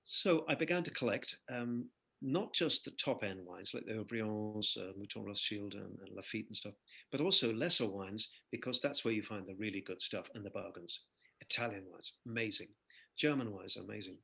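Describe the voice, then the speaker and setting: An older man, a singer-songwriter guest in an interview, telling lively anecdotes and laughing between phrases. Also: lowish voice, moderate pace, vocal fry, slightly rough. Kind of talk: conversational interview storytelling.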